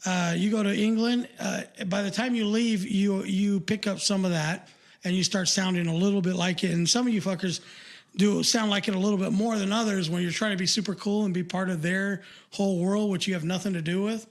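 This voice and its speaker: Older man, high voice, casual podcast co-host, rambling, loose talk. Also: steady tone, brisk. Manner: rambling, lots of filler and restarts.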